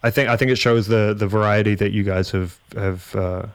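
Laid-back slangy Kiwi radio host. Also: male voice, on the low side, steady tone, fairly quick, clean tone, no room sound. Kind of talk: casual radio chat.

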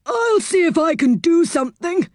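A woman voicing a kindly old man hung with saucepans in a storybook read-aloud, with a high, eager voice. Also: very animated, moderate pace, darkish tone, no echo, clean studio sound.

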